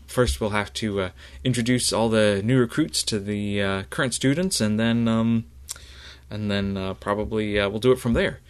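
A man voicing a male Jedi battle master who teases new recruits and then reassures them, talking in a halting, reassuring way. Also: on the low side, smooth, close to an everyday voice. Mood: friendly.

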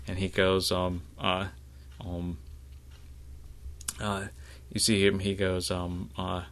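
A man with a fairly low voice narrates a tabletop game as its game master. He speaks haltingly and keeps reaching for words with fillers. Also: completely flat delivery, fairly bright tone.

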